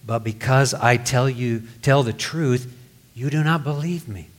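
A man's voice: medium pitch, unhurried. A man preaching a sermon, reading scripture aloud and explaining it in plain words. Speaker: pastor.

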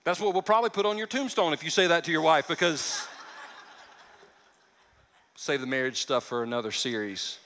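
A male pastor preaching a sermon, animated and joking, acting out the characters as he tells the story. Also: fairly high pitch, normal speed, long pauses, long reverb tail, a little hiss or hum. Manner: animated, joking asides, acts out quotes.

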